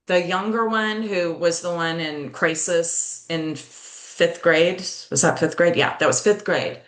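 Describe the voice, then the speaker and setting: A woman's voice: lowish voice, measured pace. A middle-aged woman being interviewed, talking earnestly as a mental health educator and telling personal stories, speeding up on key points. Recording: roomy echo.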